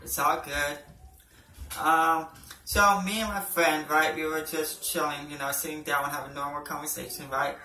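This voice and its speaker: A man's voice: fairly high pitch, fairly even intonation, normal speed, pushed and bright, distant mic. A young man doing an amateur stand-up routine, rambling and swearing, with a lot of "you know" and "right". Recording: echoey room, voice from off-mic.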